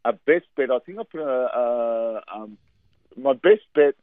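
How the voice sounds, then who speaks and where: Calling into a radio sports show on a tinny phone line, an Australian man chats about football as a pundit, repeating words for emphasis. His medium-pitched voice has lively intonation and a measured pace, with no room sound.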